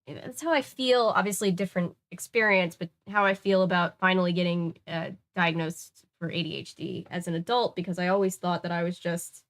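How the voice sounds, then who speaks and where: A woman's voice: on the low side, steady tone, brisk, few pauses. A woman from Louisiana with a slight Southern US accent, chatting casually on a stream, rambling with many fillers. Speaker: streamer reading viewer comments. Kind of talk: casual live-stream chat.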